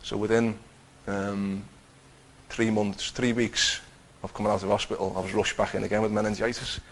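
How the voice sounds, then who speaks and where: A man's voice: lowish voice, level tone, normal speed, a little hiss or hum, low-quality recording. A man telling a personal faith testimony in a conversational way, acting out what he and others said. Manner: conversational, acts out his own quotes, many restarts.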